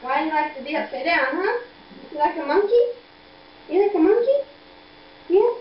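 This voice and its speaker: A young mother coaxing her toddler in high sing-song baby talk over a video call, repeating simple prompts. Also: animated, normal speed. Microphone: computer video call mic. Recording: dull echoey video-call audio, faint noise.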